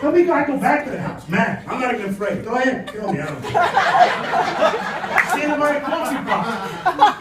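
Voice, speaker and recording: A man's voice: very high voice, moderate pace, over a noisy crowd, very noisy. A man performing a stand-up comedy set, telling stories and acting out the dialogue with lots of energy. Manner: animated storytelling, acts out dialogue. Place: comedy club. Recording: echoey club from a far mic. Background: audience laughter.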